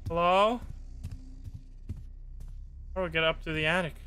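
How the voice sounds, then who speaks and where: Young man, streamer, bright voice, slightly high, wry asides, reads game text aloud. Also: clear, resonant tone. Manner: chatty and wry, reacts with quick asides and swearing. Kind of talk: live gameplay commentary, reading game text aloud.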